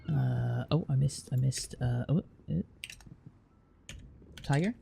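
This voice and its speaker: English male streamer, very gravelly and dark-toned, blunt and teasing, casual chat, faint music behind. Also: mid-range voice. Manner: chatty, blunt, teasing, drawn-out fillers.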